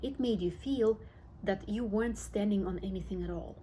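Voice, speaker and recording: A woman's voice: mid-range voice, moderate pace, warm tone, a little hiss or hum, poor audio. Woman reading a children's book aloud. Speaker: audiobook reader. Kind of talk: storybook narration.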